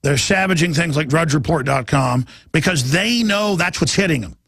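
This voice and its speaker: A man's voice: on the high side, animated, moderate pace, a bit bright, breathy edge, no echo. A middle-aged man from Texas hosting a talk radio show, ranting heatedly and mocking his opponents. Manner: heated, ranting, mocks opponents in put-on voices. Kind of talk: impassioned talk radio monologue.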